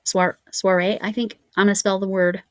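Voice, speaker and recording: A woman's voice: mid-range voice, little pitch movement, moderate pace, no room sound. A woman crochet vlogger chatting casually at home, musing aloud as she reads out yarn labels. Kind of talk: casual show-and-tell chat.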